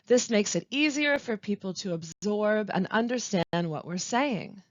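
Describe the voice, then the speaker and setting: Woman, language support teacher, scripted webinar, animated pitch, slow deliberate delivery, dry lo-fi sound. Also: dry recording. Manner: slow, careful, deliberate delivery with clear pauses. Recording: dry, dull lo-fi voice-over.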